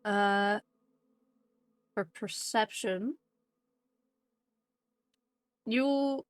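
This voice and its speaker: A woman narrating a tabletop game as game master, describing scenes slowly and deliberately with many fillers. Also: on the low side, fairly bright tone, no echo, studio quality.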